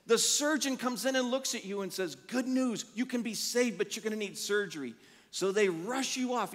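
A man preaching a sermon as pastor, telling animated stories and acting out the quotes in them. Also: high voice, long reverb tail. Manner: animated storytelling with acted-out quotes. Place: church sanctuary.

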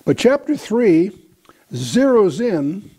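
Mellow-voiced man teaching a Bible study. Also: high voice, sing-song, husky. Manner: measured, deliberate teaching with frequent "uh" pauses.

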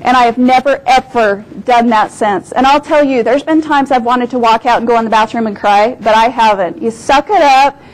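A middle-aged woman giving a lecture as a guest speaker, telling business stories in an animated way and hammering her points home by repeating them. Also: fairly high pitch, moderate pace, hardly any pauses, poor audio. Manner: emphatic, repeats points for stress; animated storytelling.

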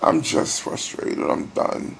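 A middle-aged man in a hospital room, weary and near tears, talking in a personal video diary with sighs and halting pauses. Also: a little hiss or hum. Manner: emotional, sighing, halting. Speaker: vlogger.

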